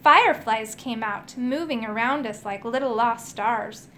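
An audiobook reader, a woman with a fairly high voice, reads a children's chapter book aloud a little slowly. Her storytelling style is expressive.

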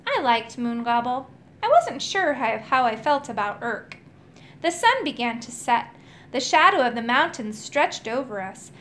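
A woman reading a children's chapter book aloud in an expressive storytelling style. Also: on the high side, measured pace, slight background noise. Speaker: audiobook reader.

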